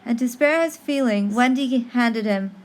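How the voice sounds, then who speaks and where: A woman telling a story in an expressive podcast narration, reading dramatically with pauses. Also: a little high. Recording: faint background noise.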